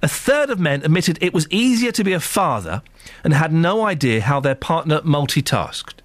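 A man hosting a phone-in radio show, with a fairly high voice that leaps all over the place as he teases his guests. His studio mic sounds close and dry. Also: moderate pace, no echo. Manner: playful, teasing, animated.

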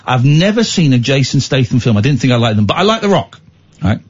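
A man hosting a late-night radio phone-in, chatting and telling stories in a playful, animated way. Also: medium pitch, fast, husky, dull audio. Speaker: radio show host.

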